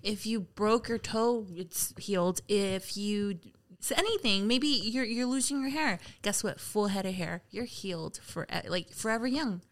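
A woman co-hosting a podcast in casual chat, animated and laughing often. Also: medium pitch, a little slow. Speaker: podcast co-host.

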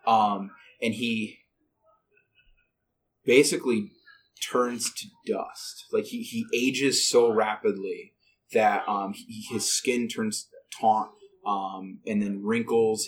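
Man, game master, rambling narration, lots of fillers, distant mic, faint background noise. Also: on the low side. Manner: rambling, filler-heavy, restarting.

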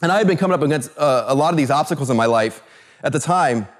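A man from California telling a personal story to an audience, animated, with many fillers and restarts. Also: a little high, fast. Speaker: speaker.

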